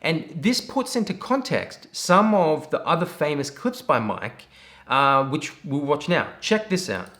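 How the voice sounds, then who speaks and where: A man's voice: a little high, sing-song, a little slow, a bit bright. A man casually commenting on video clips, reflective and loosely worded. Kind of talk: casual analysis.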